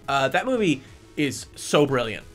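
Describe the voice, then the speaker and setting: Bright-voiced man enthusing about movies. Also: medium pitch, very animated, unhurried, soft background music. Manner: enthusiastic, rambling, restarts sentences. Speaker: podcast host. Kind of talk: casual film chat.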